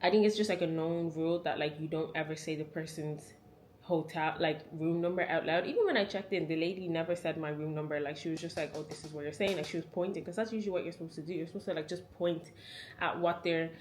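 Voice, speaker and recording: A woman's voice: low voice, fast, darkish tone, slight background noise. A woman in her twenties with an Irish accent, telling a chatty travel story to camera, full of "like" fillers. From Ireland. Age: 20s. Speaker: travel vlogger.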